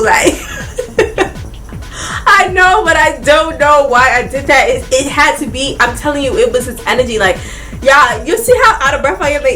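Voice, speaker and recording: A young woman telling a casual storytime vlog, animated and laughing often, talking straight to her viewers. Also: high-pitched. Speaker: vlogger.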